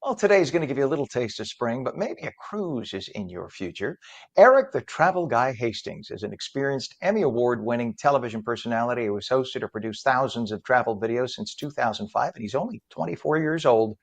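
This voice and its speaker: Brisk joking morning TV host, a man. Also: medium pitch, expressive. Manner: jokey, reads traffic and intros briskly. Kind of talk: live TV morning show hosting.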